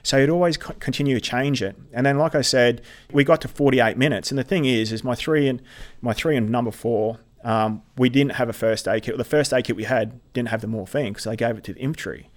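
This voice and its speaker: A middle-aged man, a military veteran telling his story in an earnest, halting way with many restarts. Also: medium pitch. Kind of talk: personal storytelling in conversation.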